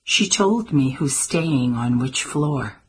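A woman's voice: very deep voice, animated, slow, slightly rough, heavily acted, low-quality recording. A woman voicing a dry, wry grandmother. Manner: dry, teasing quips. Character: wry, sharp-tongued grandmother, older woman. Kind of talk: audiobook character voice.

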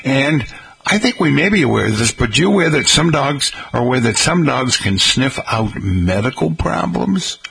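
A man's voice: medium pitch, sing-song, normal speed, gravelly, a bit bright, slightly rough, poor audio. A male radio host chatting casually and folksily with his listeners.

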